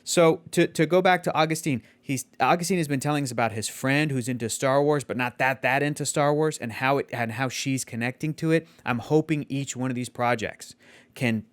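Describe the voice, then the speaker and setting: A man's voice: medium pitch, brisk. A man co-hosting a casual fan discussion, speaking in an earnest, heartfelt way.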